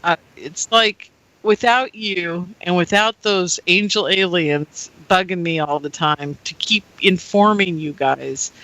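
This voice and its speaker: A woman radio host talking in a rambling, animated way, laughing often as she speaks to her listeners. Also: fairly low pitch, slow, no room sound, poor audio. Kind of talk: casual personal monologue.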